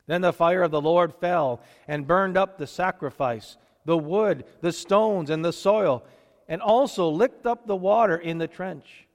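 A man reading scripture and preaching in a church, steady and deliberate, with measured pauses. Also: sits high, long reverb tail.

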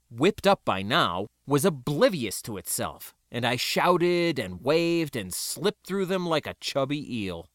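A man narrating a first-person story aloud in an expressive reading. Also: mid-range voice, no room sound, clean studio sound. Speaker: audiobook narrator.

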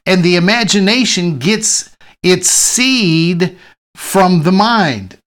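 A man's voice: high-pitched, animated, slow pace, a bit bright. Man preaching a scripture sermon. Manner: reads scripture then teaches, frequent restarts. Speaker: pastor.

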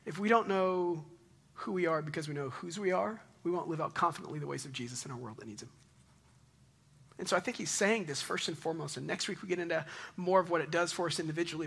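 A man in his thirties preaching a conversational sermon, telling stories in an animated way and closing in prayer. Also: fairly high pitch, gravelly, breathy edge. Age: 30s. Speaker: pastor.

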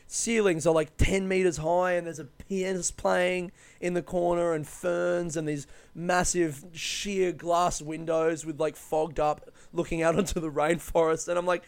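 A man spins a meandering travel anecdote, swearing casually and correcting himself as he goes. His voice is smooth and clear and sits a little high for a man. The recording is dry, with no room sound. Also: little pitch movement, moderate pace, hardly any pauses, no echo. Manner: loose, sweary, rambling with many fillers and self-corrections. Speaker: comedian telling a travel story. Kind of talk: casual storytelling monologue.

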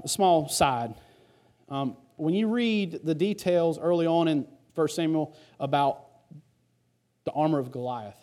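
A man's voice: on the high side, dark tone. A male pastor preaching a sermon in a conversational, storytelling way.

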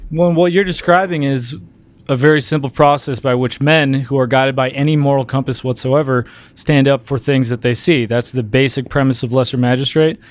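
Man, mid-range voice, calm and measured, explaining points in a political talk show. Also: mid-range voice. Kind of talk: political discussion.

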